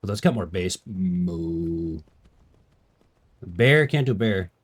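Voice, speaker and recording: A man's voice: fairly low pitch, lively intonation, moderate pace. A young man streaming a game, joking around casually and trying out silly animal noises. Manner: goofy, jokey, does animal noises. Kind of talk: casual gameplay commentary.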